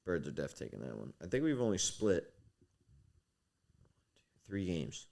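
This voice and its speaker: A man's voice: sits low, big pitch swings, unhurried, creaky, a little mellow. A man co-hosting a casual sports podcast, laid-back, blunt, and self-mocking. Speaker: podcast co-host.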